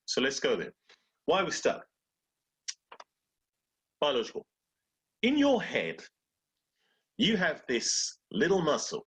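A man's voice: fairly high pitch, takes it slowly, pauses often, breathy edge. A man talking casually about beating fear and growing, acting out little inner voices as he goes. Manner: animated, acts out inner voices. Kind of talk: casual motivational talk.

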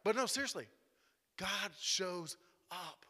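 A man's voice: high-pitched, expressive, slow, bright, forceful tone. A man giving a playful, dramatic sermon in a conversational tone, in a church hall. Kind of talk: lively sermon storytelling. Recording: echoey hall.

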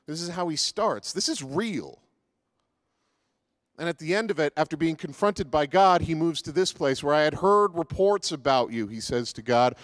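A man's voice: on the high side, moderate pace, no room sound, clean studio sound. A man giving a casual, joking sermon as pastor, with many fillers and restarts.

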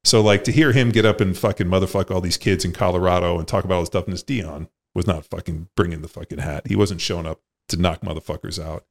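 A man's voice: low voice, steady tone, fast talker, few pauses. A man hosting a podcast conversation, a former football player who talks bluntly, rambles and swears freely. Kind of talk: casual conversation.

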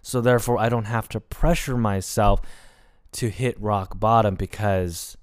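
A man's voice: lowish voice, steady tone, measured pace, no room sound. Young male podcast host, reflective solo monologue, casual swearing, resonant tone, dry studio sound. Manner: candid, rambling, swears casually.

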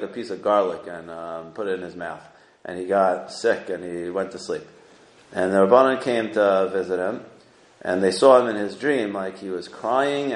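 A man's voice: mid-range voice, roomy sound. A man giving a casual Talmud lesson, translating the Aramaic as he goes and often checking in with "okay?" and "right?". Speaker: Torah teacher.

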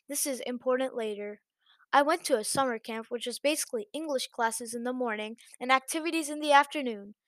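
A woman with a high, bright voice reads an online story aloud in a lively, chatty way. She narrates as a host and slips easily into little asides to her listeners. The sound is close and dry, with no room around it. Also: brisk, no room sound.

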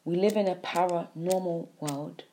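A woman with a lowish, mellow voice giving a spiritual monologue. She preaches in repeated phrases, dropping to near-whispers and then pushing out loud emphatic lines. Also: fairly even intonation, normal speed, slight background noise. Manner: repetitive, preachy, with sighs and emphatic swings in loudness. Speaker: spiritual speaker.

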